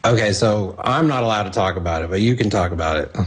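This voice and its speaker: A man appearing as a filmmaker guest on a talk show, chatting in a relaxed, easygoing way and laughing often. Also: on the low side, quick pace, husky. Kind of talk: casual interview banter.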